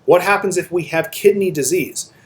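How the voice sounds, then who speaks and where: A man's voice: high-pitched, normal speed, slight background noise. A man giving a recorded lecture over slides, explaining step by step and checking in with "right?" and "okay?".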